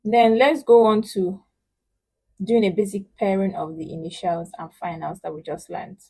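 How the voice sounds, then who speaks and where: In a roughly recorded online lesson, a woman with a steady, medium-pitched, slightly rough voice teaches spoken Chinese through English. She remains patient and emphatic, modeling syllables slowly and loudly.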